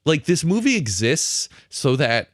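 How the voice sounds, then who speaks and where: A young man co-hosts a film podcast with a very lively, swooping delivery. He laughs often and slips into quick impressions of characters. His voice is close and dry, with no room sound. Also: a little high, dry recording. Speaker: podcast co-host. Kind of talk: casual film review chat.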